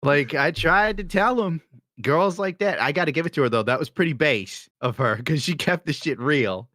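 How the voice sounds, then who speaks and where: A man's voice: on the high side, expressive, bright, forceful tone, no echo, clean studio sound. Brash, profane man on a podcast. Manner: brash, profane and mocking, with quick jokey rants. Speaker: podcast co-host. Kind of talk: crude casual chat.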